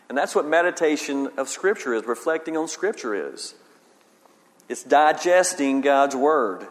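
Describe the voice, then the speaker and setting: A man preaching a sermon as a pastor, reading scripture slowly with emphasis and then explaining it in plain talk. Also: medium pitch. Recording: long hall reverb.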